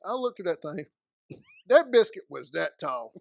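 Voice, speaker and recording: A man's voice: high-pitched, big pitch swings, normal speed, creaky, no room sound. A man, a guest in a casual interview, telling stories while eating. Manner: chatty storyteller, talks while eating.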